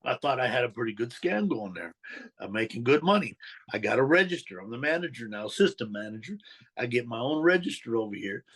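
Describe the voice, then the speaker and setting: A man's voice: medium pitch, fairly quick, slightly rough. A man from Denver, a former mob associate and motivational speaker, telling his life story as a guest in an interview and acting out the people he quotes. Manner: animated storyteller who acts out the people he quotes.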